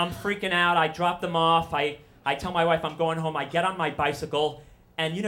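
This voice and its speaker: A man's voice: fairly high pitch, fairly bright tone. A man in his forties telling a personal story live, rambling and self-deprecating, full of asides.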